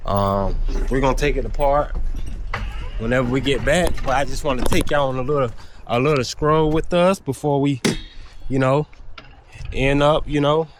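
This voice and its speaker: A man's voice: mid-range voice, moderate pace, long pauses, background noise. A young man, chatting casually to viewers as a vlogger, recorded outdoors. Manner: laid-back, talks straight to viewers. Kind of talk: casual vlog chat.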